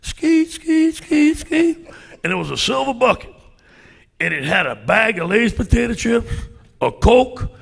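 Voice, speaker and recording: A man in his sixties with a gravelly, husky voice, telling animated stories as a guest speaker on a handheld mic. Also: high voice, normal speed. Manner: animated storyteller, acts out loud exclamations. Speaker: football coach guest speaker. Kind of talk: storytelling at a club luncheon.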